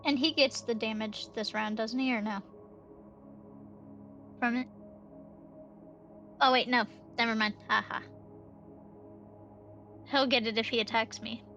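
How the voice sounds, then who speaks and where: A woman playing in a tabletop game, asking quick questions and second-guessing herself. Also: fairly high pitch, steady tone, fairly bright tone, highs cut off, faint music behind. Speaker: player. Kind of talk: casual chat at a tabletop game.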